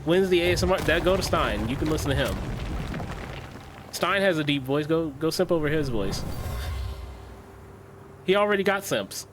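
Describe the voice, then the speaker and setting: A man's voice: a little high, expressive, normal speed, pauses often, noisy background. A young man streaming a game, chatting casually, joking, swearing and laughing often. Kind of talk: casual livestream chat.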